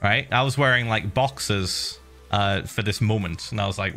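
A man streaming, telling a story in an animated way, swearing and laughing freely. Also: lowish voice, normal speed, soft background music. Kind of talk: animated storytelling to a live chat.

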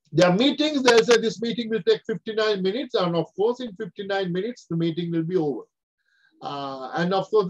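A man's voice: sits high, dull audio. An older man from Sri Lanka giving a webinar lecture, acting out characters as he explains, over a video call. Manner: animated, acts out characters with quoted voices. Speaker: webinar speaker. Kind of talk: lively lecture.

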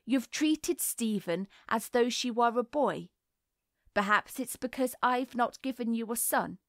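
A woman reading the lines of an anxious, earnest mother who speaks gravely with a slight tremble. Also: fairly high pitch, a little slow, fairly bright tone, no echo, studio quality.

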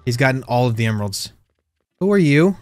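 A gaming YouTuber speaks fairly quickly at medium pitch, no echo, soft music in the background. He casually comments on gameplay, teasing other players and yelping whenever he's caught off guard.

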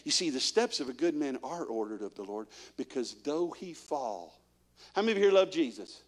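This man's voice is medium in pitch and a little fast as he gives a guest sermon in a church. Telling stories with animation, he quizzes the congregation again and again.

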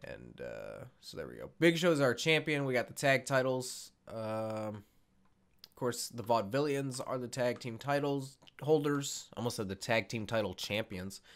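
A man's voice: mid-range voice, animated, a little slow, vocal fry. A young man giving casual let's-play commentary as he sets up a wrestling game, rambling, correcting himself and swearing offhandedly. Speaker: gaming YouTuber.

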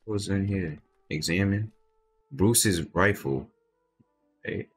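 Deep-voiced man doing gameplay commentary. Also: slow pace, soft background music. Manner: casual, reads game text aloud, sudden loud outbursts. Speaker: gameplay video host. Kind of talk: gaming commentary reading dialogue aloud.

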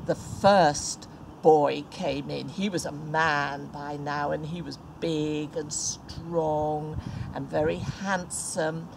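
A woman presenting a preschool Bible story, speaking gently and playfully to a young child. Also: deep voice, takes it slowly, reverberant, background noise. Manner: gentle, animated, talking to a toddler.

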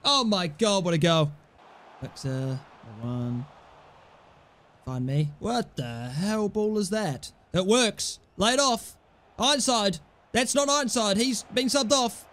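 A young man commentating his own football video game play, swinging from low mumbled asides to loud, shouted goal calls. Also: lively intonation, takes it slowly. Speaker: gaming YouTuber. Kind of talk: excitable gameplay commentary.

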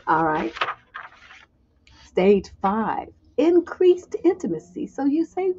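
Animated husky-voiced woman coach. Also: on the high side, slow, long pauses. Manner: animated, chatty, acts out little skits. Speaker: relationship coach. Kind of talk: casual livestream talk. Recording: dull muffled sound.

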